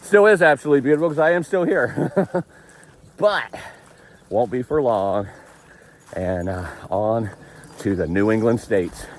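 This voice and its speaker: A man vlogging casually on a forest trail, chatty and self-amused, quick to laugh. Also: medium pitch, slight background noise. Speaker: thru-hiker vlogger. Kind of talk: casual vlog narration while hiking.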